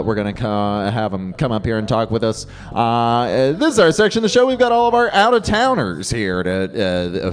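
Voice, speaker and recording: A man hosting a live comedy show, hyping the crowd with loose, stumbling banter. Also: mid-range voice. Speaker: show host. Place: live comedy club stage.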